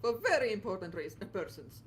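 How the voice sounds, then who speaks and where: Someone doing a gruff, burly sailor from a game, put-on Russian-style accent, clipped broken phrasing, touchy and proud, noisy home mic. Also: medium pitch, sing-song, brisk, lightly acted. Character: gruff burly male ship crewman, touchy. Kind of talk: fan voice acting of a game.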